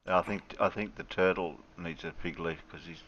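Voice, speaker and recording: A man's voice: deep voice, fairly even intonation, moderate pace, a bit bright, highs cut off, slight background noise. An Australian man joking and teasing in a casual group chat over a video call. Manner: teasing, jokey.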